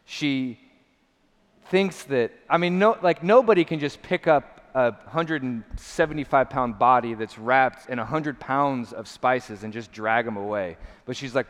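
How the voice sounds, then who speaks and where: A man's voice: mid-range voice, moderate pace. A man preaching a sermon as a pastor, earnest and emphatic, often repeating phrases. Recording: long hall reverb.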